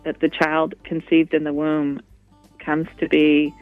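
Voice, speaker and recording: A woman's voice: deep voice, monotone, measured pace, dry recording, soft background music. A woman guest in a radio interview, talking in a rambling way with many restarts. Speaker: guest, walk co-founder. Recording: dull lo-fi radio audio.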